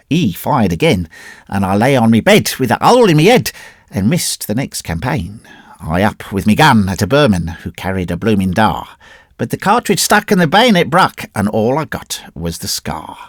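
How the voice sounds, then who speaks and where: A man's voice: lowish voice, big pitch swings, moderate pace, no room sound, studio quality. A man doing a raucous Cockney private. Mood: raucous chanting. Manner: raucous, brash. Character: cheeky little Cockney army private.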